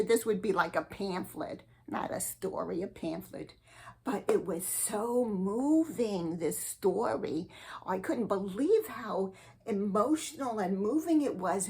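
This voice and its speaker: A woman hosting a spiritual advice show, giving a slow, earnest and sweetly eccentric comic monologue. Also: mid-range voice, a little mellow, slightly rough.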